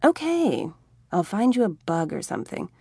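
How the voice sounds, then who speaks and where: A woman's voice: medium pitch, sing-song, normal speed, darkish tone, slightly rough, dry recording, studio quality. A woman voicing a young female vampire who is wry, teasing and dryly amused in an audiobook.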